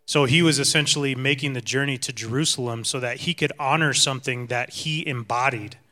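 A man reading scripture and giving a calm, reflective sermon to a congregation. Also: mid-range voice, brisk, faint music behind. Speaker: co-teacher in a congregation.

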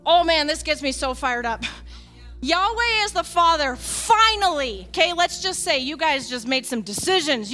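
Fired-up woman preaching with high, bright voice. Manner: animated, swings from hushed to fired-up, laughs often. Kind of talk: passionate sermon.

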